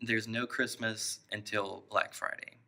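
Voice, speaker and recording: Picture a young man with a drawl, chatting loosely on a podcast. His voice sits low and has a gravelly fry, yet the tone comes out very bright. He keeps poking fun at himself. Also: level tone, measured pace. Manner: joking, self-mocking, laughs often. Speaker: podcast host. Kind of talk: casual chat.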